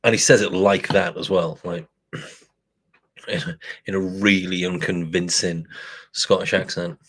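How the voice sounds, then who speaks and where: A man's voice: low-pitched, fairly even intonation, a little slow, a bit bright, breathy edge. A man hosting a live beer review stream, rambling and self-deprecating with plenty of swearing. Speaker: beer review channel host. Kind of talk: casual live-stream chat.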